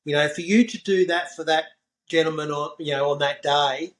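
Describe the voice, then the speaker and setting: A man's voice: a little high, fairly even intonation, normal speed, fairly bright tone, low-quality recording. A man, hosting a podcast interview. He talks in an effusive way and is generous with his praise. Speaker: podcast host.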